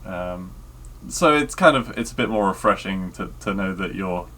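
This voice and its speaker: A man talks easygoing podcast chat in a lowish voice with a forward, bright edge. He hesitates often and fills the gaps with ums and likes. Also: expressive, moderate pace. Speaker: podcast co-host.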